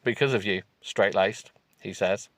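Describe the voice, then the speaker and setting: A male podcast host reading a text aloud for comedy, stopping to mock it with sarcastic asides and breaking into high giggles. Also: a little slow, no room sound, studio quality. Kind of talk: comic reading with running commentary.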